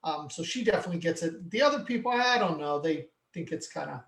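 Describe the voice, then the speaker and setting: A man with a high voice hosts a relaxed chat, asking friendly, curious questions. His voice rings in a roomy, echoey space. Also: fast talker, gravelly. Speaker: interview host. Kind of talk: casual interview chat. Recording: roomy echo.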